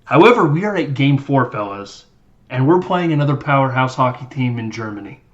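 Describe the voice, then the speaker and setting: A man's voice: medium pitch, expressive, brisk, highs cut off. A man hosting a podcast, recapping a movie in casual, rambling chat and acting out lines in silly voices. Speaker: podcast host.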